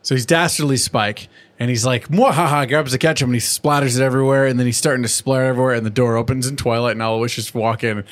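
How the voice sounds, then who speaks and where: A man's voice: mid-range voice, fairly even intonation, fast talker, hardly any pauses. A man with a young son, co-hosting a podcast and retelling a cartoon episode in loose, profane casual chat. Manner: profane, loose storytelling with acted-out quotes. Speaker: podcast co-host.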